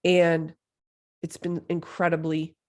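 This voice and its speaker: Slow and monotone in a low-pitched voice, a woman in her thirties hosts a solo podcast. Her casual talk is chatty and enthusiastic, sprinkled with "like" and "you know."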